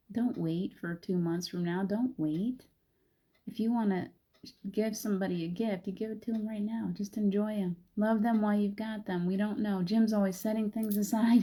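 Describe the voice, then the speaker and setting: A woman's voice: mid-range voice, mellow. A woman hosting a chatty spiritual live stream and guiding a meditation, laughing often. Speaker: spiritual host.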